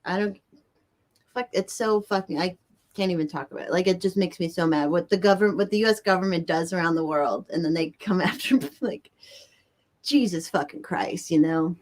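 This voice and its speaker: A woman's voice: on the low side, fairly quick. A woman hosting a casual livestream, chatting with viewers and ranting with a lot of profanity, indoors by a window. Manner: excitable and profane, ranting with nervous laughs. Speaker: livestream host. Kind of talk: casual livestream chat reading viewers' comments. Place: indoors near a bright window.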